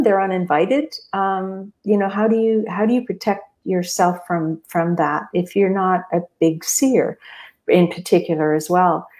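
A woman's voice: mid-range voice, a little mellow. A woman co-hosting a radio talk, explaining at length in a rambling, thoughtful way with many fillers. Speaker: radio co-host. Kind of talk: casual radio chat.

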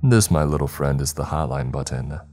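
A man's voice: rumbling low, animated, moderate pace, darkish tone, slightly rough, faint music behind, exaggerated voice. A man voicing a kind, joking male doctor who coaxes and reassures a patient in a friendly way. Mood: coaxing.

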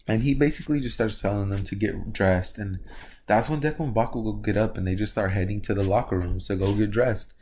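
A man's voice: fairly low pitch, a little fast, darkish tone, a little hiss or hum. Rambling young man telling a story. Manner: rambling, lots of "like" and "you know". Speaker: video creator. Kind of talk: casual fan-story retelling.

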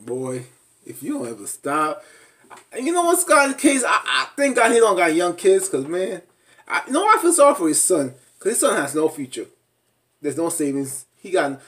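A man recapping a reality show in a casual vlog, animated and laughing, mimicking people with high squeals. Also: distant mic. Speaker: reality TV reviewer.

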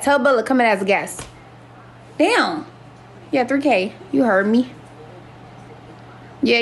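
Brash high-voiced woman hosting a livestream. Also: fairly bright tone, a little hiss or hum. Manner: brash, boastful and profane, addressing viewers. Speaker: livestream host. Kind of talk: casual livestream chat.

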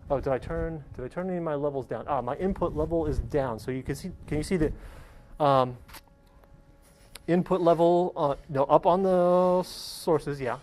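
A man's voice: a little high, moderate pace, darkish tone, rough recording. A male professor giving a casual, hands-on classroom demonstration and checking in with his students with a frequent "okay?". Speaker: college professor.

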